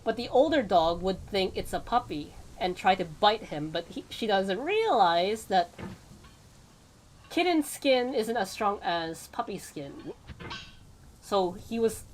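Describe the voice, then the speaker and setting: Streamer, female, mid-pitched voice, casual rambling chat to viewers during a game stream. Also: animated, unhurried, slight background noise. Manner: rambling, tangent-prone, frequent laughs. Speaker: VTuber streamer.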